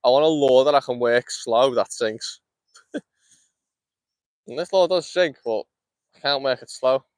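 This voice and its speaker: A man's voice: medium pitch, dry recording. Chatty Scouse man fishing in the cold. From Liverpool, England. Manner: fast, chatty, laughs often. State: cold, shivering. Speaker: fishing streamer. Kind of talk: casual live-stream chat while fishing. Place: outdoors by a lake.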